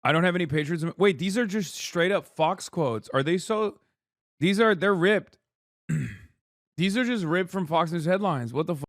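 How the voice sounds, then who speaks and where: A sarcastic man in his thirties streams political commentary, swearing freely and racing through headlines. His voice sits a little high, and the sound is dry and close. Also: normal speed, no echo. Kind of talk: casual commentary.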